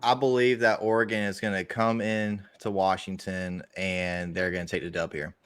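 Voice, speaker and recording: A young man co-hosting a sports podcast, giving measured predictions with some restarts. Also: low voice, level tone, a bit bright, clean tone. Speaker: podcast co-host. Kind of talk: casual sports analysis.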